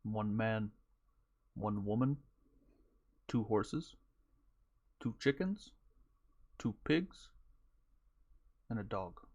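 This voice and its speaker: A man doing a low, deadpan injured stranger. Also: drawn-out words, long pauses, highs cut off, full character voice. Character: grumpy injured man lying on a trail.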